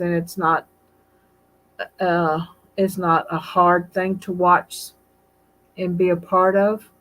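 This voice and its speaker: An older woman hosting a casual live stream, talking gently and reading chat comments aloud. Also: fairly low pitch, poor audio. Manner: unhurried, gentle, reads chat aloud between stories. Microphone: computer mic on a live stream.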